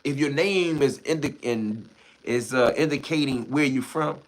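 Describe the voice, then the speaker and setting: A man's voice: medium pitch, a little slow. A man from Washington, D.C., with a D.C. accent, hosting a livestream and ranting back at chat in blunt, heated, profane street talk. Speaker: livestream host. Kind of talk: casual livestream rant answering chat.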